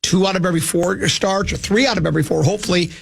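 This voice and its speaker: A man's voice: high voice, steady tone, quick pace, gravelly, husky. A man hosting a sports talk radio show, rambling and repeating words as he thinks aloud in casual chat.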